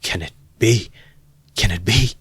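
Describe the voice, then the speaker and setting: A man's voice: on the low side, unhurried, fairly bright tone, slightly rough, no room sound, voice pushed up, exaggerated voice. A man voicing a tormented young man, anguished and breathless after a nightmare.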